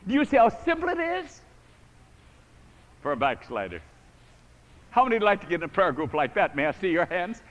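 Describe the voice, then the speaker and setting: A man's voice: sits high, big pitch swings, brisk, long pauses, fairly bright tone, highs cut off. Dramatic preacher man in an echoey hall. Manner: dramatic, acts out quoted voices with big swings in volume. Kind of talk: storytelling sermon.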